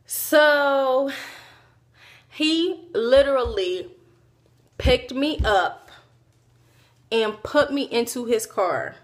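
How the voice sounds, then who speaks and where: A woman with a slightly high voice recounts a story straight to her camera. She talks casually and animatedly, slipping into the voices of the people she describes. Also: very slow, long pauses. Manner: animated, acts out quoted voices, chatty asides. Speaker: vlogger.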